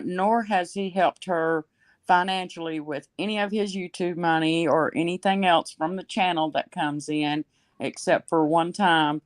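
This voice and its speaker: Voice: mid-range voice, no room sound. Blunt, opinionated co-guest, dry sound. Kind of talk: talk-show commentary.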